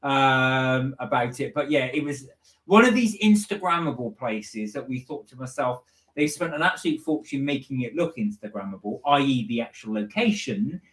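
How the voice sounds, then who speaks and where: A man's voice: mid-range voice, animated, normal speed, fairly bright tone, roomy sound. A man co-hosting a casual live stream from home, chatty and laughing often as he reads out viewer comments. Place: home, indoors.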